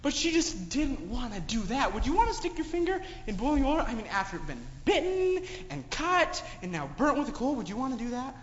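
A man's voice: very high-pitched, fairly quick, few pauses. A man telling a moral story to children in a sermon, asking them lots of questions. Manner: asks children many questions, animated storytelling. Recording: echoey hall, dull sound, faint noise.

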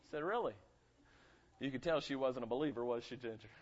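A North Carolina pastor with a light Southern accent preaches rapid-fire in a medium-pitched, darkish voice. His sermon is conversational, and he asks the congregation for amens. The recording is muffled and lo-fi.

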